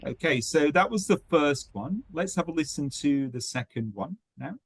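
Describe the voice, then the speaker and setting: A man's voice: a little high, expressive, normal speed, slight background noise. A man teaching an online lesson on pronunciation, explaining at length with frequent ums and restarts. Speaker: teacher trainer.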